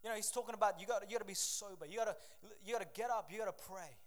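A man preaching a sermon with passion, repeating phrases and dropping his voice low when he quotes scripture. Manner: impassioned, rising to near-shouts, then dropping low for scripture; rapid asides and repetitions.

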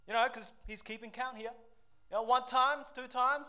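A man preaches a sermon. He talks to his congregation in a casual way, jumps into quick asides and acts out quotes. His delivery is animated and direct. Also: very high voice, smooth. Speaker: pastor.

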